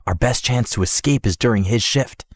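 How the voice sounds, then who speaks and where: A man's voice: normal speed, slightly rough, dry recording. A man voicing a stern, curt bodyguard. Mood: firm. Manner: firm, low and curt. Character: stern, terse male bodyguard. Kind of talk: animated story dialogue.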